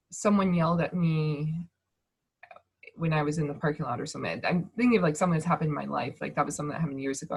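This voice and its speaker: Husky-voiced woman giving a gentle talk. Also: deep voice. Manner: gentle, halting, many restarts and fillers. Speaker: speaker on emotions and manifestation. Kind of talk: casual teaching talk. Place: home, video call. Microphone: video call mic.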